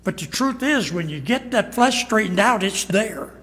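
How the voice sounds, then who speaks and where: A man's voice: high-pitched, expressive, moderate pace, fairly bright tone, long reverb tail. A man preaching a sermon as pastor, emphatic and acting out quoted lines. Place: church sanctuary.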